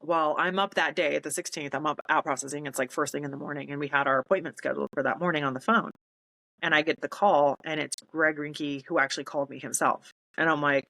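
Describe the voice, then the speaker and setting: A woman's voice: low-pitched, quick pace, fairly bright tone, low-quality recording. A woman, a military veteran telling her story in casual talk, acting out quoted voices and laughing in disbelief.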